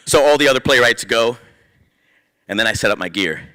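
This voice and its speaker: A man with a somewhat low voice shifts between reading his own rhyming spoken-word verse and telling lively stories. He acts out the people he quotes as he goes. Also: brisk, long pauses. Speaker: visiting playwright and performer.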